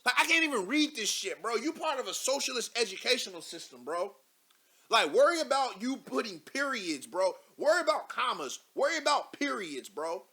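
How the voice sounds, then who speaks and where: A young man hosting a live show, giving loud, mocking commentary as he reads posts aloud, laughing and repeating himself. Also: very high-pitched, very animated, normal speed, slightly rough.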